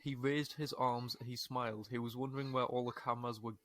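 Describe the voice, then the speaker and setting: A man's voice: medium pitch, steady tone, a little fast, fairly bright tone. Swearing British man reading a story aloud. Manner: swearing, laughing, acting out quoted lines. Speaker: podcast co-host.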